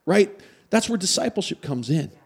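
A man's voice: sits high, moderate pace, creaky, husky. A man from Canada preaching a sermon, telling stories with animation and asking his listeners questions. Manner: animated storytelling, asks the audience questions. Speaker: pastor.

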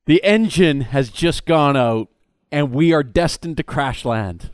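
A man voicing a weary, blunt airplane pilot who delivers bad news flatly. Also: on the high side, unhurried, clean tone, no room sound, clean studio sound, voice pushed down. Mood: grim.

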